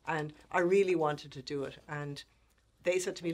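Woman, sixties, guest speaker, animated storyteller, acts out quotes, laughs often. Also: sits low, moderate pace. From Ireland. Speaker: guest speaker, make-up artist. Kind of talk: storytelling interview talk.

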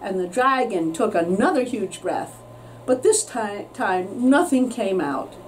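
A woman teacher reading a children's story aloud with expressive storytelling, recorded with a distant mic and faint noise. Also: medium pitch, a little slow.

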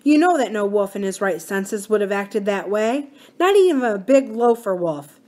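A woman voicing a frontier mother in a storybook reading, gentle and firm with a tearful edge. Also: medium pitch, lively intonation, normal speed, close to an everyday voice. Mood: explaining. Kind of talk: storybook read-aloud.

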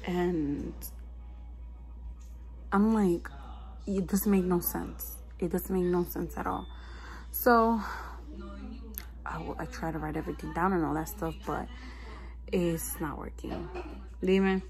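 A woman's voice: on the low side, slow, vocal fry, long pauses, music in the background, poor audio. A young woman vlogging about feeling stressed, talking casually to the camera with lots of fillers like "like" and "you know what I mean". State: stressed and low. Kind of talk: casual confessional vlog.

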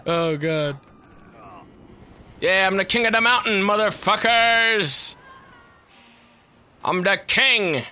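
A young man talks over his gameplay in a high, very bright voice. He is loud and excitable, swears freely and laughs often as he comments. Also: takes it slowly, pauses often. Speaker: gaming video host. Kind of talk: let's play commentary.

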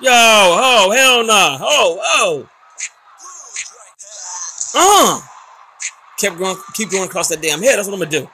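A man hosting a gaming channel, giving loud, excitable commentary and trash talk while playing, with announcer-style hype. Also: high voice, slow, pauses often, faint music behind. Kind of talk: live gameplay commentary.

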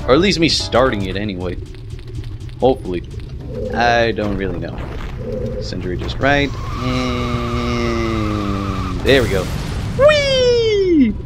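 A young man giving casual let's-play commentary, excitable and quick to swear and yelp when the game goes wrong. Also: medium pitch. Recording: game music behind voice.

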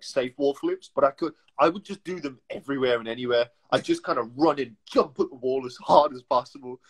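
A young man co-hosting a casual chat show, telling lively stories and laughing through them. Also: medium pitch, breathy edge. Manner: laughing storyteller, lively anecdotes with slang. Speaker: co-host.

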